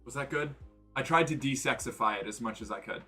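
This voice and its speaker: A man from New England chats loosely on a stream, full of "like" and false starts as he drifts between topics. His voice is bright and forceful at a middle pitch, with faint music playing behind him. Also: brisk. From New England, United States. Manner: rambling, many fillers and restarts. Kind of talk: casual stream chat, reading chat aloud. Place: indoors, sitting on the floor.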